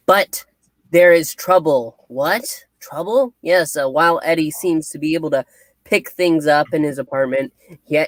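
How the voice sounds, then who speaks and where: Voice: mid-range voice, no room sound. A reviewer talking through a movie in casual chat, playfully asking and answering their own questions.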